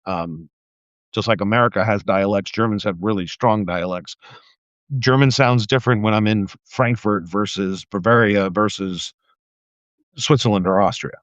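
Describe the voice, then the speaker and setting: In a fairly low voice at normal speed, an older man goes on an angry livestream rant about politics, full of profanity and mockery. Getting heated sets him stammering and restarting. The recording is dry, dull, lo-fi stream audio.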